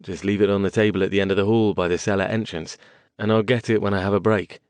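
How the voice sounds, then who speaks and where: A man narrating an audiobook and voicing an exhausted mage who speaks in a clipped, hurried, apologetic way. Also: fairly low pitch, level tone, a little mellow, no room sound, close to an everyday voice. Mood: weary, urgent. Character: tired, hurried English mage, adult man, polite but evasive.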